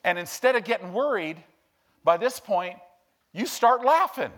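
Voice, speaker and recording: A male preacher giving an emphatic, animated sermon that swings from hushed to loud. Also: high voice, unhurried.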